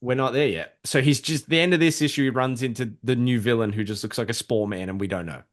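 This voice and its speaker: A man in a loose podcast conversation about comics, his mid-pitched voice sitting in the middle of the male range. He talks in an excitable, rambling way, trails into restarts, and swears often. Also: fast. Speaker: podcast co-host. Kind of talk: casual comic book chat.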